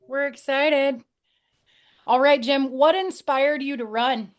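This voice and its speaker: Bubbly woman host, slightly high voice. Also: steady tone, unhurried. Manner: bubbly, chatty. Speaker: podcast host. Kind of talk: casual interview.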